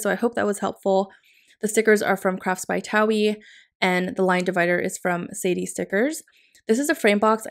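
An upbeat woman vlogger with a medium-pitched voice laughs readily as she chats through a casual voice-over about how she decorates her planner.

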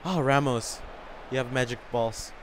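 A young man commentating his own soccer video game live, excitable and swearing, whooping and yelling at big plays. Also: medium pitch, a little slow. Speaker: gamer.

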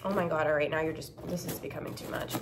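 A woman's voice: sits low, fairly even intonation, fast talker, heavy background noise. Blunt, profane young woman vlogger. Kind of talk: casual vlog chat.

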